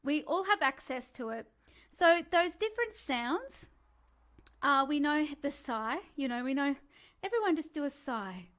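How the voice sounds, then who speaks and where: A woman's voice: sits high, lively intonation, unhurried, a bit bright. A woman, teaching a live-streamed singing lesson in a chatty, encouraging way and demonstrating vocal sounds. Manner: chatty and encouraging, demonstrates sighs, whimpers and calls. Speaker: singing coach.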